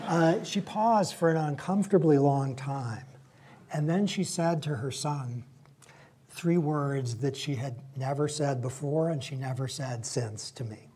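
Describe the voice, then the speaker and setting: A man's voice: mid-range voice, measured pace, dark tone, husky. A man giving a public lecture in a reflective, conversational way, weaving in personal stories.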